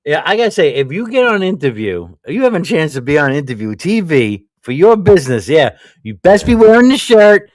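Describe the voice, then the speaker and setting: A man's voice: on the high side, sing-song, fairly quick, few pauses, no room sound. An American man co-hosting a casual reaction chat, crude and joking, laughing often. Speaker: co-host reacting to video clips.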